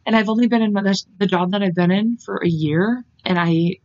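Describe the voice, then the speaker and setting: A woman in her twenties co-hosting a podcast, chatting casually in a bubbly, excitable way and swearing freely. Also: medium pitch, fairly quick, no echo. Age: 20s. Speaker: podcast co-host. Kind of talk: casual chat. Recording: dull, lo-fi dry sound.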